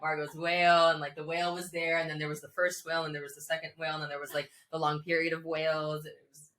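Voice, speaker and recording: A woman's voice: low voice, level tone, fast, a bit bright. A woman guest telling a personal story in a chatty way, full of likes and restarts and frequent laughs. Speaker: podcast guest. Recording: echoey room.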